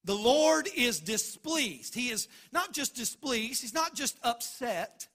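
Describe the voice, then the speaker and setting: A man's voice: very high voice, lively intonation, slow, hardly any pauses, pushed and bright. A man preaching a sermon as pastor, emphatic and driving points home by repeating phrases.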